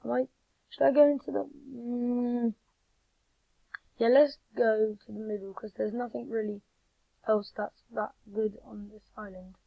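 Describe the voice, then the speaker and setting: A woman giving excitable live gameplay commentary, talking straight to her viewers. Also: on the high side, measured pace, gravelly, dry recording, phone-quality sound. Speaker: gamer.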